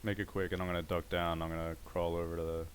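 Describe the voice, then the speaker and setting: A man's voice: deep voice, little pitch movement, quick pace, slight background noise. A man playing a tabletop game, describing his character's actions hesitantly with many fillers. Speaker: player.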